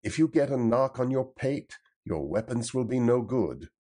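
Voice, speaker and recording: A man's voice: mid-range voice, expressive, normal speed, pitched above the performer's own voice, lightly acted. Man voicing a blunt, mocking tanner. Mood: defiant. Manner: defiant, challenging delivery, raised and louder. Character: blunt, boastful male tanner, sturdy and mocking.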